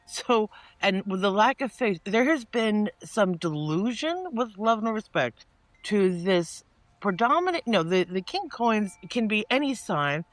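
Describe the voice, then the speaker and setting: A man with a fairly high voice gives a casual tarot reading in a rambling, chatty way. He circles back and restarts often. The sound is dry and close, with no room around it. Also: measured pace, dry recording. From northeastern United States. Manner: chatty and meandering, with many restarts and asides; animated when quoting people in mock-casual voices. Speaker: tarot reader.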